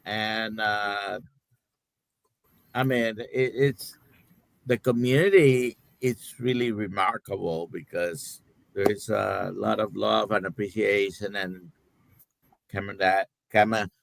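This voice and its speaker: A male doctor from Puerto Rico, a native Spanish speaker with a Puerto Rican Spanish accent, chatting on a live show in an earnest, slightly halting way. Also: fairly low pitch, steady tone, creaky, no room sound. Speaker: guest doctor. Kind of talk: casual live-show chat.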